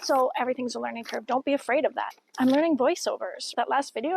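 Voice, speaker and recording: A woman's voice: sits high, quick pace, vocal fry, few pauses, a little mellow, a little hiss or hum, rough recording. A middle-aged woman vlogging outdoors by a river, chatty and encouraging as she talks to camera. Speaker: vlogger and podcaster. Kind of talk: casual talk to camera.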